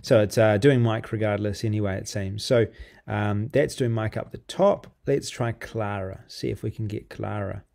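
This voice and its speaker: A man giving a loose, conversational walkthrough of a piece of software, full of ums and restarts as he clicks along. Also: fairly low pitch, fairly even intonation, normal speed, creaky. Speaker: software reviewer. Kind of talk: casual screen-recorded software walkthrough.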